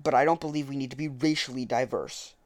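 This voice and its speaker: Guy ranting back at a political speech, dry sound, average pitch. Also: steady tone, fast talker, no echo. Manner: argumentative, self-correcting. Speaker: political commentator. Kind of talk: reading a speech aloud and commenting on it.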